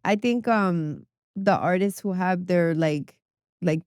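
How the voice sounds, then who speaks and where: A woman's voice: lowish voice, slow pace, a little mellow, no echo, clean studio sound. A woman, a music publicist and podcast guest, talking in a chatty way with many fillers. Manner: chatty, filler-heavy, says "like" often. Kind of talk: casual podcast conversation.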